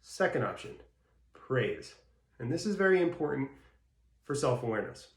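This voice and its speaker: A man's voice: mid-range voice, big pitch swings, normal speed. A man explaining dog training step by step in a plain instructional way. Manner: plain explanatory, acts out baby-talk praise in bursts. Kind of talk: instructional talk. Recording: roomy echo.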